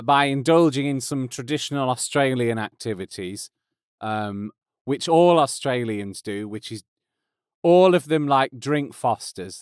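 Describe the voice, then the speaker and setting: A man in his thirties hosts a casual podcast intro, rambling and poking fun at himself on a close studio mic. His voice is medium-pitched with a clean tone and no room sound.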